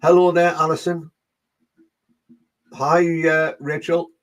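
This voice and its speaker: A man's voice: fairly high pitch, flat delivery, slow pace. A man with a Geordie accent, working as a medium and chatting through a live online reading session while greeting viewers by name.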